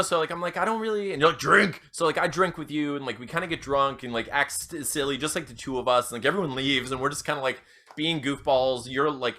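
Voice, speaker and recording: A young man co-hosting a podcast, rambling through a comedic pitch and acting out quoted lines with sudden jumps in pitch. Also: sharp tone. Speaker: podcast co-host.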